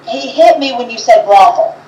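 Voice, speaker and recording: Hesitant, high-voiced woman in an echoey room. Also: a little mellow, far from the mic. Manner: hesitant, halting, with many restarts. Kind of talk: casual chat on a livestream. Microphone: video call.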